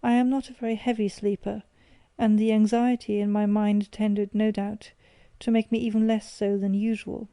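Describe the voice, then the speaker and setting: Lady reading a classic audiobook, very dark mellow voice, dry close sound. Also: medium pitch, little pitch movement, normal speed, dry recording. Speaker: audiobook narrator.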